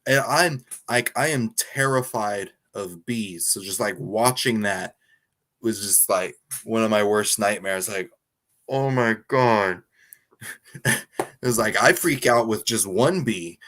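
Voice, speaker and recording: A man co-hosting a movie review podcast in casual chat, laughing often as he retells scenes quickly. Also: on the low side, fairly bright tone.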